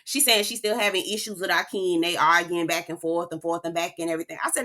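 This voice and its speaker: A woman's voice: fairly low pitch, fairly even intonation, fast talker, sharp tone. A woman hosting a reality TV recap in casual commentary, sassy and profane, laughing often and keeping up a stream of "girl" and "child".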